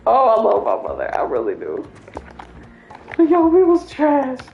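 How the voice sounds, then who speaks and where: A woman DJ tells a funny family story in loose, slangy talk and laughs often. Her pitch moves up and down a lot, and her voice echoes in a roomy space. Faint music plays underneath. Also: huge pitch swings, measured pace, phone-quality sound. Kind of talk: casual comedic storytelling.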